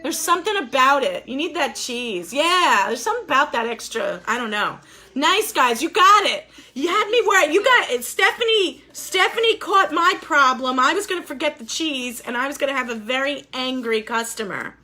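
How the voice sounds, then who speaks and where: A woman's voice: high voice, animated, normal speed, bright, forceful tone. A woman teaching a life skills class over a video call, upbeat and encouraging as she quizzes her students.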